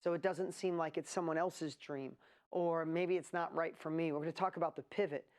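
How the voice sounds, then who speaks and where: Excitable woman hosting a webinar. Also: low-pitched, fairly quick. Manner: excitable, rambling, hype-building. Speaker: event host. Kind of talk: energetic live webinar presentation.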